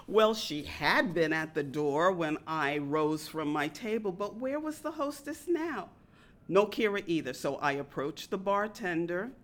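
A woman reading a personal story aloud in a wry, deadpan manner. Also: fairly low pitch, measured pace.

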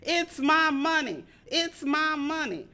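A woman voicing a loud, foul-mouthed, penny-pinching inner voice in a spoken story, shouting and cursing. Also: high voice, animated, slow, pitched above the performer's own voice, heavily acted. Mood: furious.

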